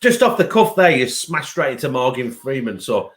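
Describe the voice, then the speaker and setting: A man's voice: medium pitch, very animated, normal speed, fairly bright tone. A man hosting a casual interview over a video call, asking rambling questions and swearing freely. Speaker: show host.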